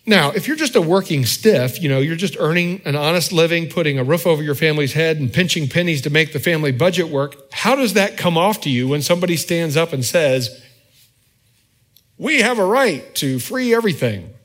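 A man preaching a sermon in a conversational way, often checking in with the congregation with quick asides. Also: fairly high pitch, fairly bright tone. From United States. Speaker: pastor.

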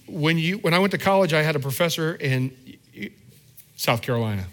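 Male pastor, slightly high voice, relaxed sermon delivery, prone to stammered restarts. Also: fairly quick. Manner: conversational preaching with frequent restarts and repeated words.

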